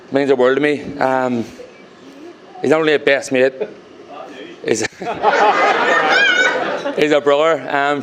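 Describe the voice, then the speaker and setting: A young man giving a groom's wedding speech to guests at a reception, halting with many ums, turning teary between jokes. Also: fairly high pitch, background noise.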